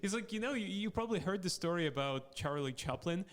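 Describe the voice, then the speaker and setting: A man's voice: sits high, animated, fast. A man with a Russian accent hosting a comedy podcast, chatting casually, laughing often and stumbling over restarts. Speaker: podcast host.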